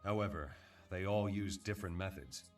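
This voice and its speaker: An actor voicing a grave, steady military captain in a video game cutscene, explaining things in a serious, measured manner, with background music. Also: male voice, deep voice, distant mic, lightly acted.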